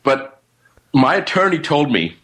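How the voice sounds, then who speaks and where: Husky-voiced man telling a story. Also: on the high side, a little slow. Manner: animated, rambling with restarts and quoted dialogue. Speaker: guest. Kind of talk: casual storytelling.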